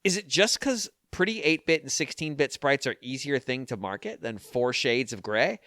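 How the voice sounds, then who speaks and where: A man's voice: mid-range voice, animated, moderate pace, a bit bright, no room sound. A man hosting a podcast, chatting casually in a jokey, self-deprecating way with rambling asides, then reading a listener email aloud into a studio microphone. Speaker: podcast host.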